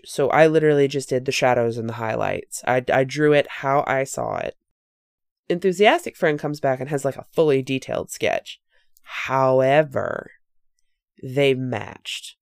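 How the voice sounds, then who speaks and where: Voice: mid-range voice, darkish tone, clean tone, no room sound, clean studio sound. A podcast host telling a personal spooky story in a casual, earnest, reflective way, with fillers and self-corrections.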